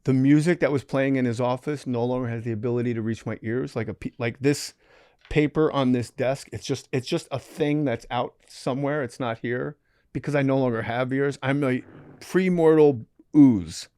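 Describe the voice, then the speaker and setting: A man's voice: mid-range voice, fairly even intonation, moderate pace, warm tone, smooth, no room sound, clean studio sound. A man hosting a podcast, telling a story in casual conversation, acting out the quotes as he goes and swearing freely. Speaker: podcast host.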